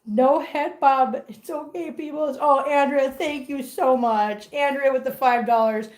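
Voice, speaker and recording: A woman's voice: sits high, steady tone, measured pace. A woman hosting a casual livestream at home, baby-talking to her cats and chatting with viewers. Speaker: host of a cat-care livestream.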